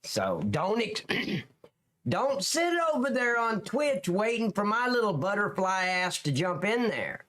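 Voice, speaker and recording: A man's voice: high voice, big pitch swings, measured pace, pushed and bright, slight background noise. A man with a Southern Alabama accent, hosting a livestream in a joking, rambling way and talking to his chat viewers by name. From lower Alabama, US. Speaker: livestream host.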